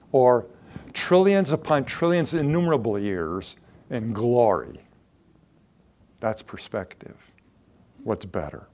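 A man's voice: medium pitch, creaky, darkish tone. A man preaching a conversational sermon to a congregation, growing emphatic when he acts out quoted lines.

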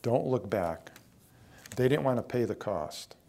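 Emphatic older preacher. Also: male voice, mid-range voice, lively intonation, a little slow, creaky, warm tone. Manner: emphatic, rising in volume to stress points; plain conversational preaching with direct questions to listeners. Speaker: pastor. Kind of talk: sermon.

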